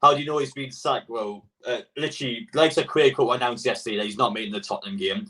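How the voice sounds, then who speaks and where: Blunt, excitable football fan. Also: male voice, medium pitch, fast talker, far from the mic, poor audio. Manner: blunt, excitable, swears freely, reads out chat. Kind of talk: casual live-stream reaction.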